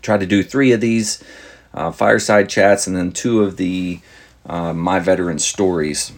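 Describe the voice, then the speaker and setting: A podcast host with a deep, low-set, husky and slightly rough voice tells a long anecdote at a measured pace. He meanders in a relaxed way, stringing it together with many fillers and restarts as if chatting casually with listeners.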